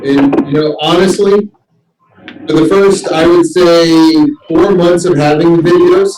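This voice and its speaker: High-voiced man telling animated stories. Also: a little slow, a little hiss or hum. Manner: animated storyteller, shouts in quoted voices. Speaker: host. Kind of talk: casual group chat. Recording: distant mic in echoey room.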